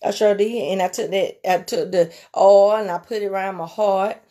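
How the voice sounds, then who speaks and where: A woman giving an informal sermon in a folksy way, calling her listeners honey and slipping into soft, murmured prayer. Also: medium pitch, fairly even intonation, moderate pace. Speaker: preacher.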